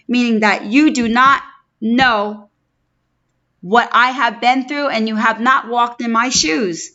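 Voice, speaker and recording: Speaking slowly in a fairly high, steady voice that is bright and forceful, a middle-aged New York woman hosts a casual live stream. With her New York accent, she greets viewers by name and chats with them effusively. The audio is dull and lo-fi.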